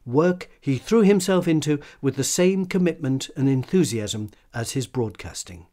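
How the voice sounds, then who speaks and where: A male radio presenter reading a scripted, fond tribute in a measured, even delivery. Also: medium pitch.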